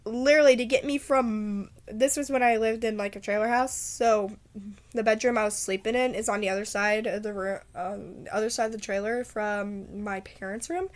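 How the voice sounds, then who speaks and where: A congested, hoarse woman with a raspy voice, rambling casually in a vlog and stumbling over her words. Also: a little high. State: congested, hoarse from a sore throat. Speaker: video creator.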